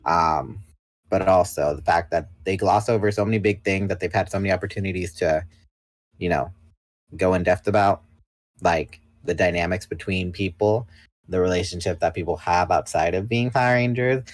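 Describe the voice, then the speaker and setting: Twenty-something guy chatting on a stream, really low voice, dry sound, kinda blunt. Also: steady tone, moderate pace, no echo, rough recording. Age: 20s. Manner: blunt, self-assured talker. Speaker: podcast guest. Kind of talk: casual livestream chat.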